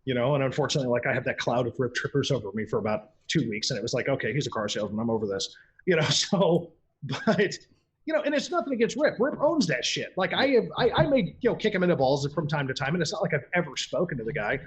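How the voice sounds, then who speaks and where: A man's voice: lively intonation, fast talker, husky. A man speaking as a guest on a casual podcast chat, blunt and foul-mouthed, rambling through stories and jumping into quoted voices. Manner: acts out quoted voices with big pitch jumps.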